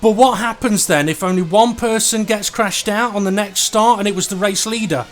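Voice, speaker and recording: High-voiced excitable race commentator. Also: male voice, faint music behind. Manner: excitable, quickens during close battles. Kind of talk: live sim racing commentary.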